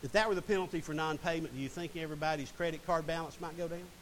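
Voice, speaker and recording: A man's voice: a little high, steady tone, racing, fairly bright tone, rough recording. A middle-aged man preaching a sermon and reading scripture dramatically. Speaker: pastor. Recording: faint hiss.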